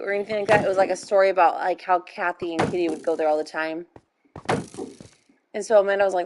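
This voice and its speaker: A woman's voice: medium pitch, moderate pace, noisy background. A young woman chatting casually while playing a game, telling stories with lots of fillers and giggles. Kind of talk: casual chat while gaming.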